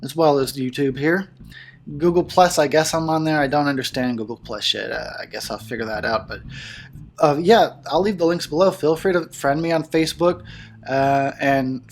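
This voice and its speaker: A man's voice: on the high side, normal speed, a little hiss or hum. A man hosting his own video channel, chatting casually in a loose, profane, self-mocking way. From United States. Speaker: horror channel host. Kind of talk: casual vlog chat.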